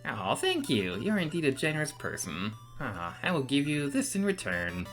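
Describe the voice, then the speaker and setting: A woman's voice: very deep voice, huge pitch swings, normal speed, soft background music, heavily acted. A woman voicing a polite young mother in a game, in a raised, sweet, sing-song voice. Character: gentle young mother asking for a doll.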